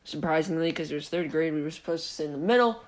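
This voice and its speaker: Talking at a quick clip in a slightly high voice, a young male podcast host spins a rambling tale. He giggles a lot, wanders down tangents, and keeps cutting into his own sentences.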